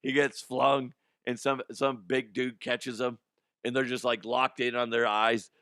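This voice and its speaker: A man hosting a comedy show, his voice hoarse and strained, chatting casually in a rambling, excitable way and laughing often. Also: medium pitch, measured pace, no room sound, studio quality. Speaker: comedy show host and youth baseball coach.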